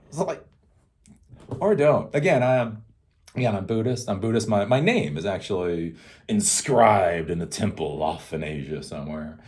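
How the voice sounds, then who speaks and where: A man's voice: lowish voice, brisk, a little mellow. A man hosting a casual rant, rambling, swearing freely and often laughing. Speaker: host.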